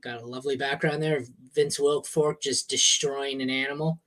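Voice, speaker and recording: Male podcast host, mid-pitched. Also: level tone, normal speed, a bit bright. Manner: friendly, jokey, runs the show. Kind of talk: casual podcast chat.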